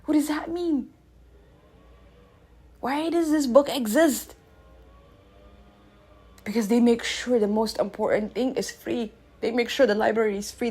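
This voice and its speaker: On her radio show, a woman in her thirties gives an easygoing spiritual monologue full of lively shifts between loud outbursts and quiet asides. Her pitch is fairly high, her pace brisk, and her voice has a breathy edge.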